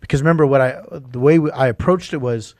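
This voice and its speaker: A man's voice: mid-range voice, quick pace, no echo. A man hosting a podcast discussion, telling stories in a conversational way. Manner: storytelling, conversational. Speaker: podcast host.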